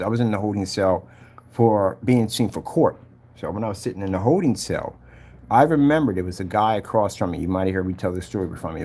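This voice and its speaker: A man's voice: on the low side, a little mellow, slightly rough. A man giving a casual spoken testimony, earnest and preachy, who retells past events and acts out the voices of the people in them. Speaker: vlogger giving a personal testimony.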